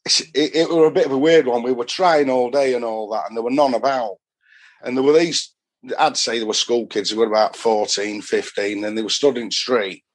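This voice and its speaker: Speaking a little fast in a steady tone at an ordinary male pitch, this middle-aged podcast guest from Doncaster in Yorkshire, England, chats happily. His casual stories ramble along, heavy with northern dialect.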